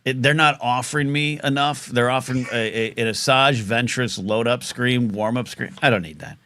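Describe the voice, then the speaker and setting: Hosting a live call-in show, a man speaks at normal speed in a medium-pitched voice that's smooth yet sharp, with fairly even intonation. His casual talk-radio patter is rambling, joking, and self-mocking, and his throat catches occasionally since he choked on a chip.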